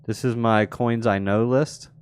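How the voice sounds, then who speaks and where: A man's voice: medium pitch, fairly even intonation, a little slow, smooth, no room sound, clean studio sound. A man hosting a live crypto market show, casually talking through charts and answering viewers in chat. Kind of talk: live chart analysis stream.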